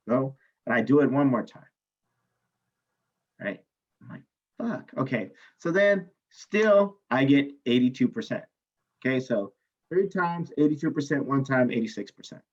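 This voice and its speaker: A man teaching a chemistry class, telling a story from his student days with lively, animated energy and frequent checks of "right?" to the room. His voice sits at a middle pitch, and the recording is dull and a bit lo-fi, as if taken in a classroom. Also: moderate pace. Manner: animated storyteller, asks "right?" often, swears. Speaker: chemistry instructor.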